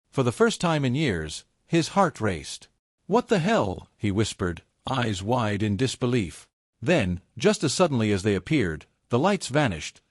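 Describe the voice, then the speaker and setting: A man reading a story as its narrator in a measured, descriptive way. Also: medium pitch, no echo, studio quality.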